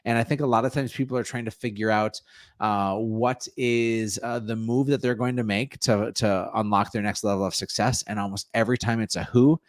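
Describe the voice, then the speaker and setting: Guest: upbeat real estate coach, man, fairly low voice, dry recording. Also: fairly quick, dry recording. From North Dakota. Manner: energetic, salesy, plugs his offers. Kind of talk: casual interview answers.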